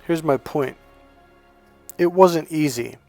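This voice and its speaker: A man's voice: on the high side, slow, gravelly, darkish tone, soft background music. A man in his fifties, a dating coach giving a blunt, profane, emphatic motivational monologue. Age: 50s.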